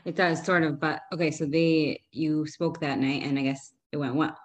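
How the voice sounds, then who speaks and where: Low-voiced woman asking follow-ups. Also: fairly even intonation, normal speed. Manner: probing, recaps and asks follow-ups. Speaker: interviewer. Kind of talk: interview questions.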